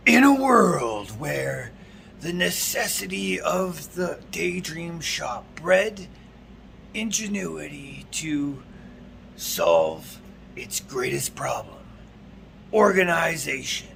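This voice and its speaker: A man doing a gravelly movie-trailer announcer. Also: a little high, big pitch swings, a bit bright, a little hiss or hum, voice pushed up, exaggerated voice. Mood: dramatic. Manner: slow, drawn-out, gravelly announcer delivery. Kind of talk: mock movie-trailer voiceover.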